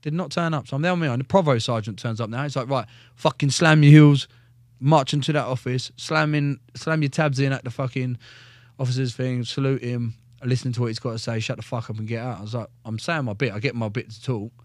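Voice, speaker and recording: A man's voice: mid-range voice, fast, dry recording, clean studio sound. A young man, a former soldier, telling his story in a casual podcast chat, blunt and full of swearing. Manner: blunt, heavy swearing, animated retelling.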